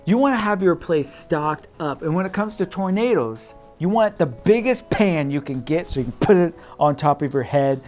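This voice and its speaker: A man's voice: sing-song, faint music behind. A man in his thirties with a Midwestern American accent, giving casual advice straight to camera in a playful way that often breaks into laughter. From Midwest, United States. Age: 30s. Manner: playful, laughing, quick swings in pitch and loudness. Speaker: realtor vlogger.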